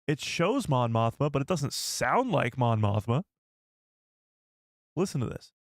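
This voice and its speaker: A man hosting a live stream and reacting to a trailer, excitable and incredulous, talking straight to his chat. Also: medium pitch, measured pace, slight background noise.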